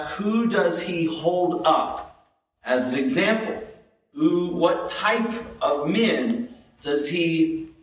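Slow-preaching pastor in an echoey church. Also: male voice, a little high. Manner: slow, emphatic preaching with repeated phrases. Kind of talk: sermon. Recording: echoey room, distant mic.

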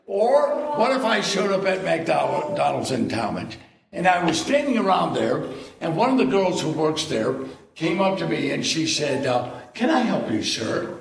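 Older man, sermon, folksy storytelling, slightly high voice, echoey church hall, mic at a distance. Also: sing-song, measured pace, gravelly, crowd noise. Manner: folksy storytelling, acts out both sides of a dialogue. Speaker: guest preacher.

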